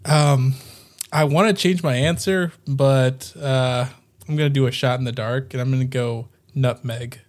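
A man's voice: mid-range voice, steady tone, a little slow. A man competing in a casual quiz chat, unsure and rambling. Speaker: quiz contestant. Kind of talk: casual podcast game chat.

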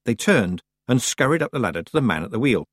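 With measured pacing and plenty of expression, a man narrates an audiobook from a script. His pitch is medium, and the echo-free recording has studio quality.

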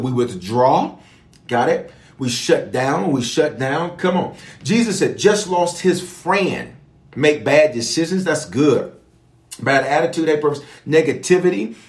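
A man preaching to an online audience, repeating key phrases and calling on viewers to respond. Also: on the high side. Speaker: pastor leading online prayer. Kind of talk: livestream sermon and prayer teaching. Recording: echoey room.

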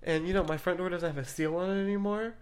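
A podcast co-host telling everyday stories in a casual chat, quick to sound spooked and to swear. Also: mid-range voice, steady tone. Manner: storytelling, easily frightened, swears.

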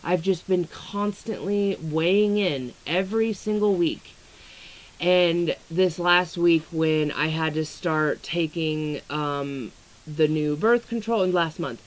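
A woman's voice: lowish voice, rough recording. A young woman talking casually in a vlog, rambling and candid, swearing freely and filling her talk with "like" and "um". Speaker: astrology content creator. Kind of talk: casual vlog about weight struggles and astrology.

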